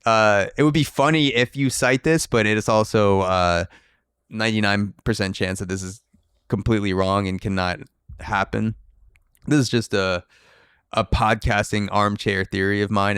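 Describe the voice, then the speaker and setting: A man's voice: lowish voice, fairly bright tone, smooth, no room sound, studio quality. A young man hosting a podcast, rambling through jokey, speculative theories in casual chat. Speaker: podcast host.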